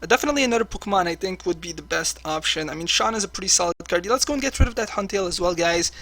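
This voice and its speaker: Bright, high-voiced male gameplay commentator. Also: animated, very fast. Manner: chatty, many filler words. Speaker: online card game player and channel host.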